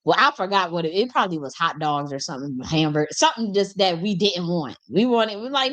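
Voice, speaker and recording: Animated woman telling a story, laughing. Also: on the low side, a little fast, hardly any pauses. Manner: animated, laughs often, swears, colloquial. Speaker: host. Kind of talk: casual storytelling monologue.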